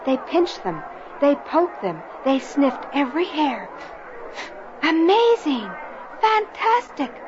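A woman narrating a rhyming children's story and lesson in a slow, expressive, sing-song way, on a lo-fi recording. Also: high voice, noisy background. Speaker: narrator and teacher. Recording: lo-fi recording with soft music.

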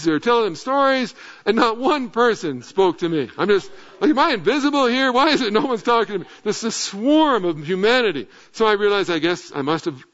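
A middle-aged male pastor telling a lively story in a sermon, then sinking into earnest, low, quiet appeals. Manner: animated anecdote, dropping to earnest low tones. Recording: dull lo-fi sound.

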